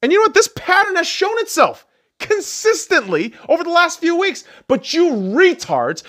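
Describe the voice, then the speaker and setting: Angry swearing man ranting. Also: very high-pitched. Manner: angry, insulting, swings between yelling and muttering. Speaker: podcast host. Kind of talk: profane political rant.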